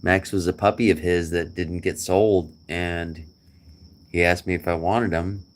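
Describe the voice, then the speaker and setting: Super deep voiced guy rambling slow, crickets chirping behind him. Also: steady tone. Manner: rambling, joking, chuckling. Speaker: vlogger. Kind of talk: casual chat to a friend.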